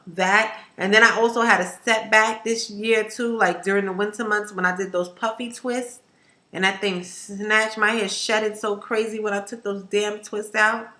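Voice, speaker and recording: A woman hair vlogger chatting to camera in an emphatic, animated way, ranting and repeating herself for effect. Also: medium pitch. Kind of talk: casual to-camera chat. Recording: echoey room.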